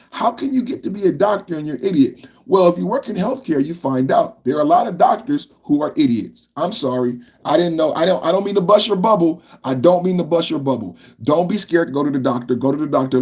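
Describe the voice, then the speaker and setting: A man's voice: a little high, a little mellow, slightly rough. A man hosting a political podcast livestream, ranting in a loose, repetitive way and talking to his chat. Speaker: podcast host.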